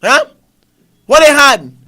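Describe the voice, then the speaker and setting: Male Caribbean talk host, very high bright voice, heated ranting commentary. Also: big pitch swings, slow. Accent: Caribbean English. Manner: ranting, repetitive, rhetorical questions. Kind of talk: fiery political commentary.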